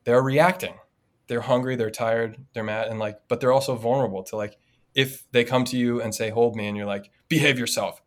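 A man's voice: mid-range voice, fairly quick. A man, a priest co-hosting a podcast, telling a personal story in a casual, reflective way. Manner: storytelling, reflective, animated in anecdotes. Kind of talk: casual conversation.

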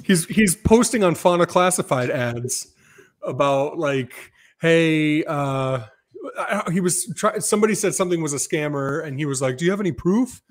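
A man's voice: a little high, expressive, moderate pace. A man co-hosting a podcast, chatting casually in a dry, teasing way. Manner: dry, teasing, plays the jerk. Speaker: podcast co-host. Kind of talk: casual chat.

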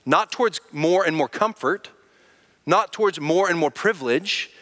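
A man with a bright, fairly high voice preaches to his congregation, earnest and conversational, often stopping to ask them questions. He admits he can sound angry though he isn't. The sound carries a long hall reverb, as in a large sanctuary. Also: expressive, moderate pace. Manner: says he sounds angry but is not. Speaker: pastor. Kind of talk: sermon.

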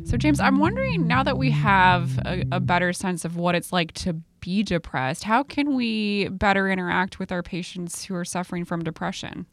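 A woman co-teaching psychiatry, supportive and agreeable, summing up points in a relaxed conversational way. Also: fairly low pitch, moderate pace, hardly any pauses, soft background music. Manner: supportive, agreeable, adds summarizing remarks. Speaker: psychiatry educator.

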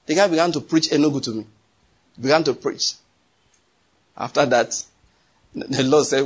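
A man's voice: on the high side, normal speed, long pauses, breathy edge. A man preaching a sermon, telling stories, asking the audience questions and laughing often. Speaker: pastor.

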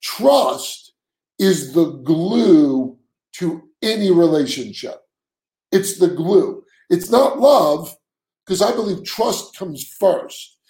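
A man's voice: high voice, lively intonation, slow, mellow, echoey room, rough recording. A man co-hosting a casual podcast chat, talking earnestly and often repeating words as he starts a sentence. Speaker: co-host.

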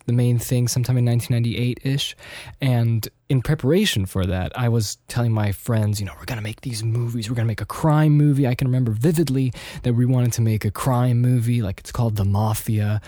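A man's voice: mid-range voice, dark tone, no echo, studio quality. A man hosting a podcast, telling a meandering personal story with many restarts and fillers. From United States and Austria. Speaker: podcast host. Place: studio.

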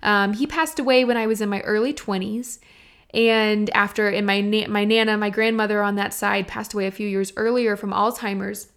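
A young adult woman from Texas hosts a solo podcast, talking casually in a chatty, earnest way aimed straight at her listeners. Her voice is medium in pitch, clear and resonant, with a fairly bright tone. She speaks at a normal speed with fairly even intonation.

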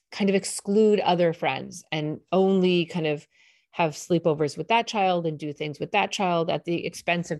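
A middle-aged woman hosting a parenting podcast, telling a family story in a relaxed, conversational way with fillers and restarts. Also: sits low, vocal fry.

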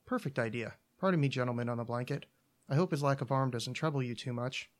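A man's voice: medium pitch, fast talker, lightly acted. A man reading a short story aloud, voicing the narrator's cheerful, affectionate young girlfriend in a raised voice. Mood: polite.

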